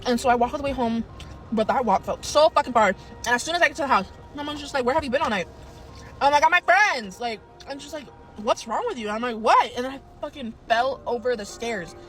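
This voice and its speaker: A woman telling a personal story in a casual, animated way, swearing freely. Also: fairly high pitch, fast talker, soft background music, rough recording. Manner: animated, profane, swears often.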